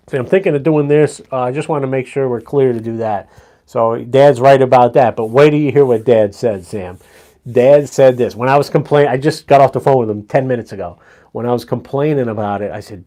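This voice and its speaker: A man's voice: medium pitch, fairly quick. Middle-aged man telling stories casually. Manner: animated storytelling, swears freely, chuckles. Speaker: live streamer. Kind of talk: casual live-stream chat.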